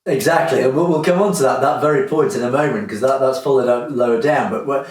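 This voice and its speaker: A man's voice: mid-range voice, fast talker. A man co-hosting a political commentary show, emphatic and earnest, often restarting his sentences as he reads out viewer comments. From United Kingdom. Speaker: co-host reading viewer comments.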